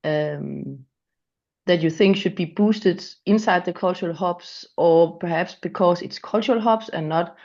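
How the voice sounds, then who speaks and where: A woman with a sick voice asking questions politely and in a measured way at an online workshop. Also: fairly low pitch, darkish tone, dull audio.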